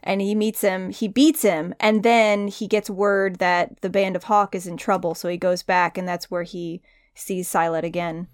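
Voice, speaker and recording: A woman's voice: medium pitch, steady tone, normal speed, no echo, clean studio sound. A woman co-hosting a podcast, chatting about a manga and playfully acting out characters' lines. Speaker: podcast co-host. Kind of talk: casual chat about a manga.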